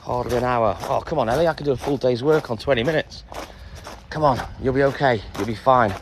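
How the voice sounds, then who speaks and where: A hoarse man chatting calmly to viewers on a live stream from inside his van. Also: a little fast, background noise. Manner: keeping his voice calm and low, chatting to viewers. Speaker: livestreamer. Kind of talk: casual live-stream chat.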